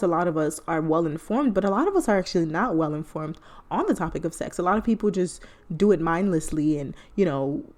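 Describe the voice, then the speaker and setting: A woman's voice: fairly low pitch, a little mellow. Chatty playful woman podcast host. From United States. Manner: playful, chatty, laughing asides. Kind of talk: casual solo podcast talk.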